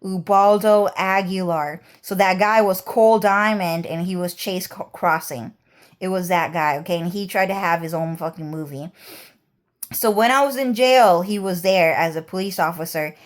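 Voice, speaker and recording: A woman's voice: on the low side, normal speed. Woman ranting in a rambling monologue. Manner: rambling, profane, heated. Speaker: vlogger.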